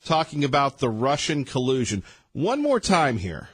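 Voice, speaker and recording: Lively, sarcastic radio host man. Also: medium pitch, slightly rough, dry recording. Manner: animated, sarcastic, rapid-fire opinions. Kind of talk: morning talk radio monologue. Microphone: studio microphone.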